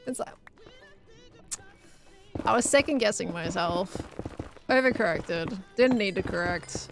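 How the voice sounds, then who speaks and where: A woman's voice: mid-range voice, lively intonation, a little slow, vocal fry, pauses often, fairly bright tone, soft background music. A young adult woman streaming casually, answering chat messages and laughing often.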